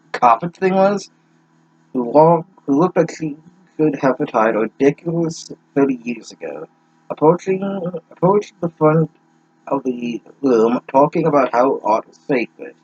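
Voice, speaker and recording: A man's voice: medium pitch, a little mellow, husky, dry recording, muffled recording. A young man reading a fanfic aloud with sarcastic, profane asides, stumbling over words. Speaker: reader mocking a fanfic.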